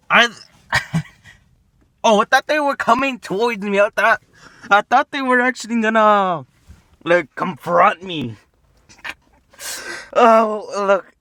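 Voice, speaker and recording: A man's voice: high voice, pushed and bright, no echo. A man sitting in a parked car, waiting to prank passersby, muttering impatiently to himself and now and then calling out to people. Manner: impatient, grumbling, calls out to passersby. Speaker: prankster vlogger.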